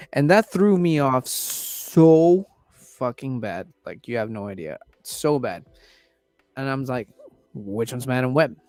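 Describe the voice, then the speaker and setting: A man hosts a casual livestream, reacting to trailers in loose, chatty talk with plenty of swearing. His voice is medium-pitched with a darkish tone, and the recording is dry.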